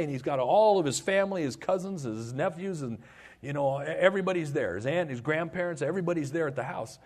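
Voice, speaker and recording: A middle-aged man preaching a sermon as pastor, retelling a story in a lively way and acting out the voices. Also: a little high, a little fast.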